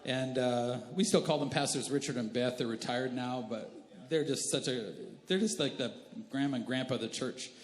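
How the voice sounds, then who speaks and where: A male pastor in his thirties tells funny family stories during a sermon, chatty and self-deprecating, with asides to the congregation. His medium-pitched voice moves at normal speed with few pauses, echoing through a large church hall with long reverb.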